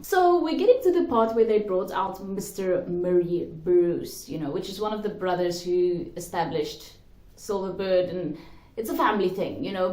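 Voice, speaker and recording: A woman's voice: medium pitch, reverberant. A young woman from South Africa giving an opinionated, chatty review of a pageant, with lots of fillers. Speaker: pageant commentator. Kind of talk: casual video review.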